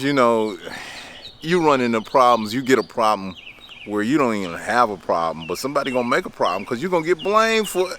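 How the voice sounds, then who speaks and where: A man talks straight to his viewers, loose and chatty, chuckling as he goes. His voice is bright and forceful, at a middle pitch. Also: slight background noise. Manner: chatty, laughing, addresses viewers as y'all. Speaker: lawn care business owner. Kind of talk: casual storytelling vlog.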